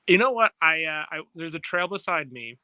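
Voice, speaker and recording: A man's voice: fairly high pitch, expressive, normal speed, clear, resonant tone, dry recording. A man with a Canadian accent, friendly and chatty, talking as a guest on a video call. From Ontario, Canada. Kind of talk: casual video call chat. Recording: dull lo-fi video call audio.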